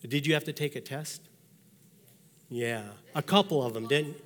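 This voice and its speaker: A man's voice: fairly high pitch, normal speed. A man in his sixties, a pastor giving a sermon, telling personal stories in a folksy way and acting out the thoughts he quotes. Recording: long reverb of a large hall.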